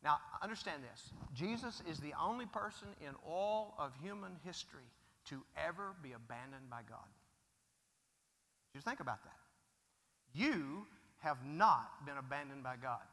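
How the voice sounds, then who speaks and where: A male pastor delivers an emphatic sermon, his voice sitting high and ringing bright. He swings between booming declarations and hushed asides. Long reverb from a large church hall trails each phrase. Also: lively intonation, measured pace.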